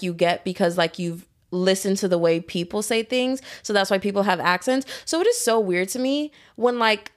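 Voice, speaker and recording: A young woman telling stories in casual chat, blunt and profane, with an animated storyteller's delivery. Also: mid-range voice.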